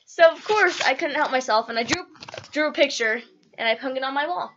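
A woman's voice: high-pitched, fairly quick, noisy background. A teenage girl vlogging casually at home, rambling and giggly, then earnest and heartfelt. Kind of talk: casual vlog chat. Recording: dull lo-fi recording.

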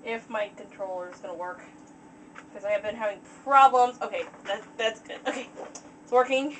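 A woman's voice: medium pitch, steady tone, moderate pace, fairly bright tone, recorded from a distance, a little hiss or hum, low-quality recording. A woman casually narrating a game as she plays, rambling with lots of fillers. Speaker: let's play gamer.

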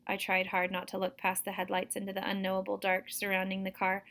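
A woman, a teacher, reading a novel aloud to students in a steady, expressive storytelling manner. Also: mid-range voice, fairly quick, few pauses.

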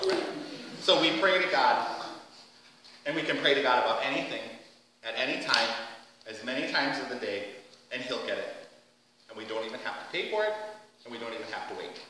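A man leading a children's message in a church, gentle and playful, asking the kids lots of questions. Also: medium pitch, expressive, normal speed, pauses often, slight background noise. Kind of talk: children's sermon. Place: church sanctuary. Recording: echoey church hall from far off.

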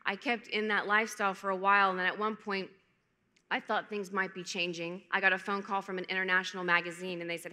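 A woman in her thirties shares a personal testimony from a conference stage, candid and emotional, with flashes of self-deprecating humor. Her voice is bright and forward at a middle pitch. A long hall reverb trails behind her words. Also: little pitch movement, fast talker. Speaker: conference speaker.

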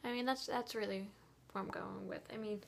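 Young woman vlogger, exhausted, hushed half-whisper, rambling frustrated venting. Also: medium pitch, steady tone, a little fast, gravelly, slight background noise. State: tired. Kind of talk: casual vlog monologue.

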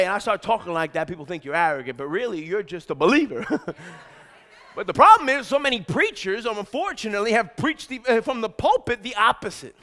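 The voice of a middle-aged pastor sits high and moves fast as he preaches an energetic, exhorting sermon, shouting emphatic points and giving the congregation lines to repeat.

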